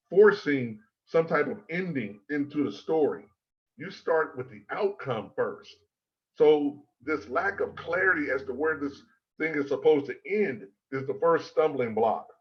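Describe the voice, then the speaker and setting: A man coaches an audience on public speaking in a steady, mid-pitched voice, leaning on his key words and grouping them in threes. The recording sounds a little dull and lo-fi. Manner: measured, emphatic, repeats key words in threes. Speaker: presentation coach. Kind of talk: instructional talk to a speakers' club.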